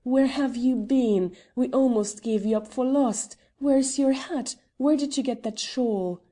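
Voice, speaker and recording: A woman's voice: fairly high pitch, a little slow, dark tone, voice pushed up. A woman reading the fervent lines of an affectionate young English earl in an audiobook. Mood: overjoyed.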